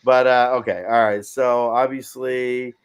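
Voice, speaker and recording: A man's voice: medium pitch, flat delivery, measured pace. A man hosting a casual podcast chat, blunt and profane, rambling from point to point. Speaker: podcast host.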